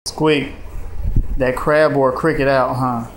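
A man's voice: mid-range voice, level tone, takes it slowly. A man, coaxing and sing-song as he talks to his dogs in a casual home video. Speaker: dog owner filming his pets. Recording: noisy home video recording.

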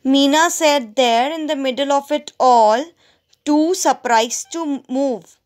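A woman's voice: high voice, takes it slowly. A woman teacher reading a story aloud to students, stopping to explain words and ask them questions. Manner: explains word meanings to students; asks the listeners questions.

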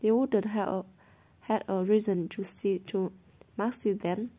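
A woman's voice: mid-range voice, steady tone, a little slow, dark tone, natural voice. A woman reading the lines of a cheerful, shrewd schoolboy in an airy, matter-of-fact way. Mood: breezy.

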